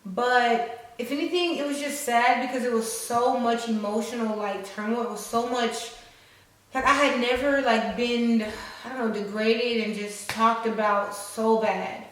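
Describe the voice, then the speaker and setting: A woman's voice: on the high side, fairly even intonation, unhurried. A woman in her twenties tells a story to her viewers in a frank, profane and dramatic way, calling them y'all. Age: 20s. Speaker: vlogger. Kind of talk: casual storytelling. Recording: echoey room, distant mic.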